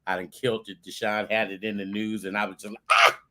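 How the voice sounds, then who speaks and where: A man co-hosting a casual talk show, excitable and quick to squeal or tear up. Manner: excitable, bursts into high squeals and near tears. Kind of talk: casual chat.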